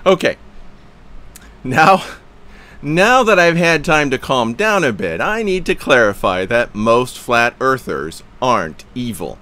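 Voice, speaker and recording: A man hosting a Christian podcast, reading his own written rant aloud with asides, emphatic and preachy, quick to laugh at himself. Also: medium pitch, very animated, bright, forceful tone.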